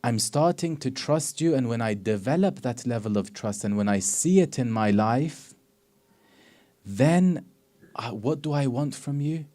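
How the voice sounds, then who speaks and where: A man delivering a sermon in a mid-range voice. He builds his points through stories and acted dialogue, mixing in Arabic quotations. His volume swings from hushed, reflective lines to loud, emphatic ones. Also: mid-range voice, animated, a little slow. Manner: storytelling lecture with acted dialogue and Arabic quotes. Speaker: Islamic preacher.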